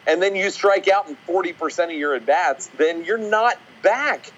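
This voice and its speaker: A man's voice: high-pitched, normal speed, fairly bright tone. Sarcastic man ranting over a dull line. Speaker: podcast co-host. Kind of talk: casual podcast chat.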